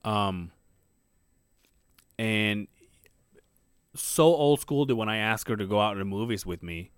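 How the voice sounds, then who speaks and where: In clean, echo-free studio audio, a forties-aged male podcast co-host chats casually in a smooth, lowish voice at a measured pace. He tells stories full of swearing, performing the voices of the characters as he goes.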